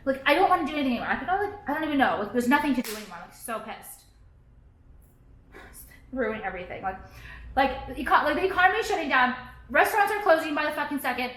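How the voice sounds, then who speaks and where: A woman's voice: high voice, expressive, fast talker, fairly bright tone. A woman in a profane, heated, sarcastic vlog rant. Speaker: vlogger. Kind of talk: ranting vlog monologue. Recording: echoey room.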